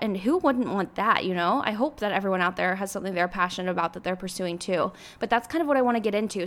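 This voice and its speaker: A woman, hosting her solo podcast in a chatty, rambling way with lots of fillers. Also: a little high. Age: 20s. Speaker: podcast host. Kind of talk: casual solo podcast chat.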